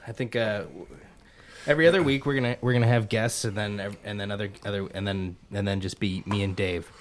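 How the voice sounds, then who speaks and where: A man's voice: on the low side, steady tone, quick pace. A man hosting a podcast, chatting casually, joking, and rambling through stories. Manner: laid-back, joking, rambling. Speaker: podcast host.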